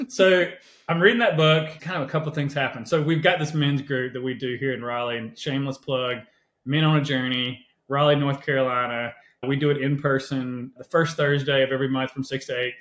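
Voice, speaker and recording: Chatty man in an echoey room. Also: medium pitch. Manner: animated, conversational, often adds "right?". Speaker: podcast guest, health coach. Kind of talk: casual storytelling interview. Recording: roomy echo.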